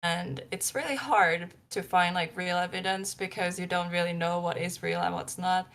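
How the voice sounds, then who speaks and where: A woman's voice: lowish voice, steady tone, moderate pace, vocal fry, fairly bright tone. A young woman, a paranormal investigator guest, telling her story in casual live-show talk, rambling with many likes and ums.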